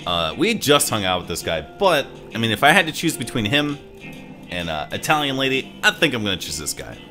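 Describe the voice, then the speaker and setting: A man's voice: mid-range voice, very animated, fairly quick, over music. A man streaming a game, chatting casually with his viewers in a joking, profane way. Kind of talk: casual gaming commentary.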